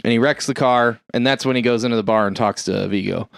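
Young guy, casual recap, profane and animated, squeaks up high for quotes, dry close sound. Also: quick pace, gravelly, clean tone, dry recording. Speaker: podcast co-host retelling a film. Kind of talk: casual chat.

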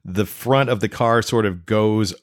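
A man's voice: lowish voice, a little slow, no echo, clean studio sound. Easygoing man recounting a road trip. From not from the South. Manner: laid-back, joking, corrects his partner. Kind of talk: casual storytelling chat.

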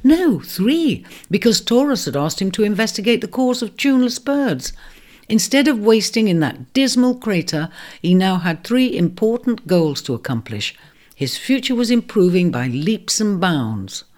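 A storyteller reading a children's fantasy tale in an expressive narration. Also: mid-range voice, moderate pace.

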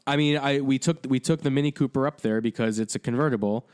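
A man of medium pitch in a relaxed podcast chat, his voice smooth and resonant. He rambles and cracks jokes as he trades banter with his co-host. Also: fast. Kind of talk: casual chat.

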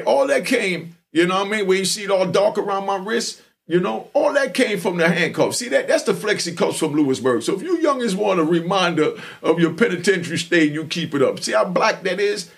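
A gravelly-voiced man telling a story in a lively, streetwise way, his pitch sitting fairly high and swinging widely. He talks in loose, rambling runs and keeps checking in with the listener. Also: moderate pace. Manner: animated, streetwise, repeats "you know what I mean". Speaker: podcast host telling stories. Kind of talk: storytelling monologue.

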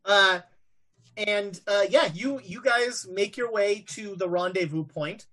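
A woman's voice: medium pitch, slow, fairly bright tone. A woman narrating a tabletop game as game master, hesitant and full of fillers.

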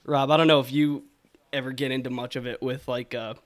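A man's voice: mid-range voice, flat delivery, a little fast. A young man from telling rambling stories in a casual chat, laughing often. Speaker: podcast co-host.

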